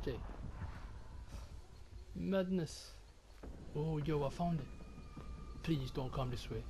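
A young man giving slangy, excitable gameplay commentary and swearing often. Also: mid-range voice, a little slow, pauses often, heavy background noise. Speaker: gaming YouTuber.

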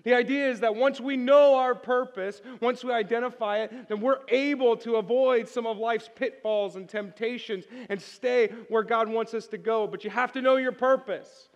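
Man preaching, pastor, high voice, lively and playful, calls out to the crowd, church hall reverb. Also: moderate pace, few pauses, lo-fi sound. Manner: energetic, joking, calls on the congregation to respond. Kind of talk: sermon. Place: church sanctuary.

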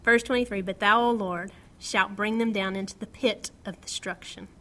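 Speaking at a moderate pace and medium pitch, this middle-aged woman teaches Bible study to a small group. She's animated, frequently laughing as she reads scripture aloud and acts out quotes.

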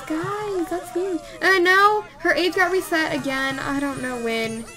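A woman's voice: high voice, lively intonation, normal speed, bright, forceful tone. A young woman chatting casually while playing a life-sim game, exclaiming and scolding the characters. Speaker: let's play host. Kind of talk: casual gameplay commentary.

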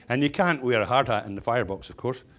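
A middle-aged man giving a keynote, spinning funny anecdotes in a loose, chatty way. He circles back and restarts as he talks, and his voice sits at an ordinary middle pitch. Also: fast, fairly bright tone. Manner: humorous storyteller, chatty with restarts. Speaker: keynote speaker, stonemason business owner.

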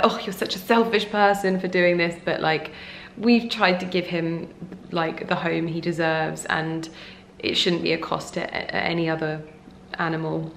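A tired young woman talks straight to camera in a loose, rambling vlog, full of "like" and trailing thoughts. Her voice sits a little low with a gravelly fry, and she sounds on the edge of tears. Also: slight background noise. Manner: rambling, emotional, many fillers. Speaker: vlogger. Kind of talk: casual vlog chat.

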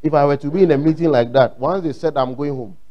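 A man's voice: a little high, fast talker, muffled recording. A man with a Ghanaian English accent preaching a sermon, emphatic and repeating his points, acting out quotes. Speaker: pastor.

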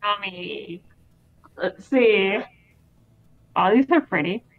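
A woman's voice: mid-range voice, takes it slowly, narrow, tinny audio. A woman co-hosting a casual let's-play of retro games, chatty and easygoing, laughing often. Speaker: game co-host.

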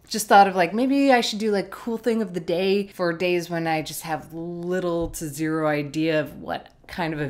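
Chatty low-voiced woman vlogger. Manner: chatty, rambling, self-deprecating. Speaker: vlogger and artist. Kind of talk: casual vlog chat. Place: home, indoors.

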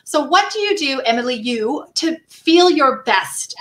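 A woman's voice: high voice, big pitch swings, measured pace, reverberant. A woman co-hosting a live interview show, upbeat and encouraging as she asks questions. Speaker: co-host.

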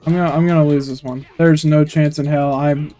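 Excitable, foul-mouthed young man gaming. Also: fairly high pitch, a little fast. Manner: excitable, swears a lot, rants at the game. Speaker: gaming YouTuber. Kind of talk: let's-play commentary. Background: faint game music.

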